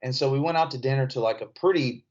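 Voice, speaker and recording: A man's voice: mid-range voice, quick pace, darkish tone. A man from Indiana with a rural Indiana accent, a comedian telling stories as a podcast guest in a laid-back, rambling, self-mocking way. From Indiana, USA. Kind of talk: casual storytelling chat. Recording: slightly dull podcast audio.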